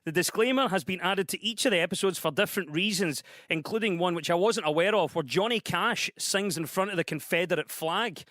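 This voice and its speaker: Bright-voiced host. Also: male voice, high voice, dry recording, studio quality. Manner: brisk, jokey, reads news links. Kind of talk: comedy panel show hosting.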